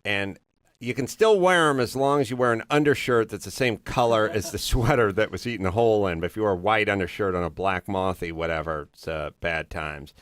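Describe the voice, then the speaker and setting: A man's voice: on the low side, a little fast, a bit bright, no echo, clean studio sound. A man hosting a podcast, riffing through a swearing comedic rant full of tangents. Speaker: podcast host.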